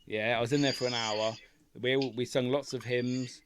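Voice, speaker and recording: A man co-hosting a casual chat podcast, ranting with heavy swearing and animated outbursts. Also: medium pitch, moderate pace, noisy background. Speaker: podcast co-host.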